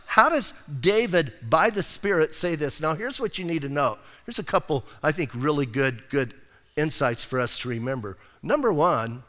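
High lively pastor guy preaching, chatty, hall echo behind him. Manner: conversational, animated preaching with acted-out quotes. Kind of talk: sermon.

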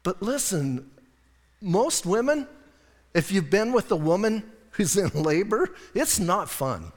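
Pastor, middle-aged man, high-pitched, joking sermon delivery, long reverb of a church hall. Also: takes it slowly. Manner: lively, joking, acts out quoted voices. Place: church sanctuary.

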